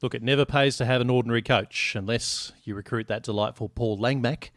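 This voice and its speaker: A man's voice: mid-range voice, fairly even intonation, a little fast, fairly bright tone, dry recording, studio quality. A man co-hosting a casual sports podcast, blunt and joking, swearing freely. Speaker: podcast co-host.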